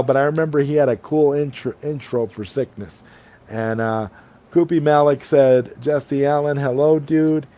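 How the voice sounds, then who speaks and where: A man's voice: fairly high pitch, warm tone. A man hosting a casual late-night livestream chat, reading viewer comments aloud and rambling enthusiastically between them over an online call. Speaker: livestream host. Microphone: online streaming call.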